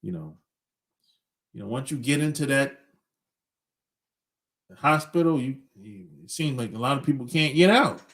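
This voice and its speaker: A man's voice: mid-range voice, expressive, normal speed, long pauses, a bit bright. A middle-aged man hosting a podcast, talking bluntly in a casual opinionated monologue, chuckling between points. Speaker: podcast host.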